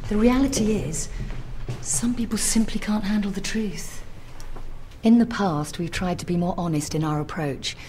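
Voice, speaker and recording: A woman delivering a scripted, deadpan apology as a company executive in a video ad. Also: mid-range voice, normal speed, a little hiss or hum, close to an everyday voice. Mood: mock-solemn.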